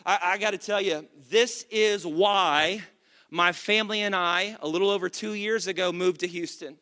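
A pastor from the Dallas area preaching an impassioned sermon into a microphone, building to shouts. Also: male voice, high-pitched, moderate pace. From Dallas area, Texas.

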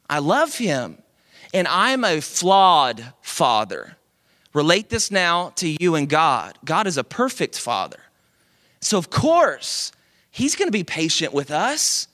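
A young male pastor preaching into a microphone with a high, bright, forceful voice. He keeps it conversational and animated, tossing in casual asides and checking in with the congregation as he goes. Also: unhurried. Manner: conversational, animated, with frequent "like" and "right?". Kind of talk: sermon. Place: church service. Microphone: speaking into a microphone.

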